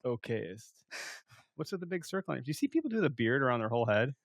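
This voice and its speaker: A man's voice: mid-range voice, sing-song, quick pace, gravelly, no echo, clean studio sound. A man hosting a podcast, chatting casually and joking around with some swearing. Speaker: podcast host. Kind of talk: casual chat.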